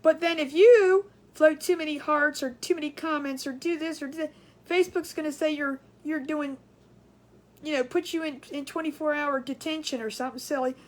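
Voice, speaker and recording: A high-pitched woman chatting on a crafts livestream. She rambles, retells conversations and stretches out her hellos to viewers in a sing-song way. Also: steady tone, normal speed. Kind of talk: casual livestream chat.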